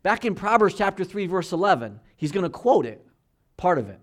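An older man in his sixties preaching a sermon in a somewhat high voice. He talks in an earnest, conversational way, often checking in with his listeners. His delivery swings between loud, emphatic stretches and quiet asides. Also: big pitch swings, brisk. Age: 60s. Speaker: pastor.

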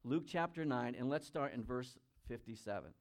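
A man preaching a sermon. He reads scripture aloud, comments on it, and swings between loud emphasis and quiet asides. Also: medium pitch, lively intonation, normal speed. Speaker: pastor.

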